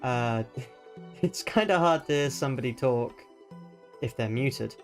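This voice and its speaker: An Australian man talks through a live game stream at his home desk microphone, rambling and thinking out loud as he plays. He keeps his voice mid-range and makes fun of himself, with faint music playing underneath. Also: medium pitch, unhurried. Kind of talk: live let's-play commentary.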